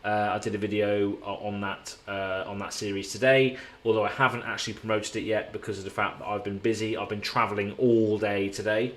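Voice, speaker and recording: A man talks casually on a live stream from a hotel room, his voice sitting a little low. He rambles and repeats himself while answering viewers by name from the chat. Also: level tone, fairly quick, hardly any pauses, a bit bright.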